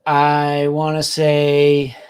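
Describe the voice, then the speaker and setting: A man's voice: fairly high pitch, completely flat delivery, drawn-out words, darkish tone, clear, resonant tone. A man co-hosting a podcast in casual chat, hesitant and searching for words with many fillers. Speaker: podcast co-host.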